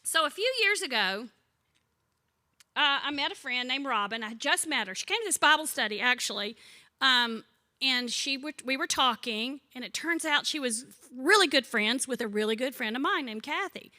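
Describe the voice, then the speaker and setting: A woman's voice: high voice, lively intonation, normal speed. A woman in her sixties leading a church Bible study, teaching in a chatty way with funny stories and questions to the group. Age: 60s. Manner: chatty, warm-humored storyteller who asks the group questions. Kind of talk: conversational teaching with humorous stories.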